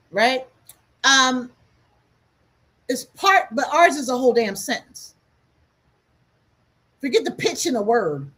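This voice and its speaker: Emphatic, lively woman teaching. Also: on the high side, slow pace, long pauses. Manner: emphatic, repeats phrases for effect. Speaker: spiritual teacher hosting a livestream. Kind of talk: impassioned spoken lesson.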